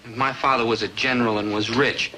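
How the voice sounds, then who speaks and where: A man's voice: medium pitch, steady tone, fairly quick, sharp tone, lightly acted. An actor playing a young lovestruck teenage boy in a 1950s sitcom, delivering dry wisecracks. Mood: gloomy. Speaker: lead character. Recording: noisy old TV soundtrack.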